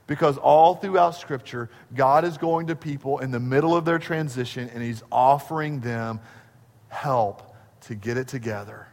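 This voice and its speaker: A man preaches a sermon with a somewhat high voice. He swells and drops for emphasis and stacks repeated phrases. His voice rings with the long reverb of a church sanctuary. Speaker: pastor.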